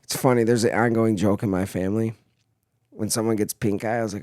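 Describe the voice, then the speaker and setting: A young man, a former Marine, casually telling profane stories on a podcast in an animated way. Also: on the low side, fast talker, no room sound, clean studio sound. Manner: profane storytelling, animated in anecdotes. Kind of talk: casual chat.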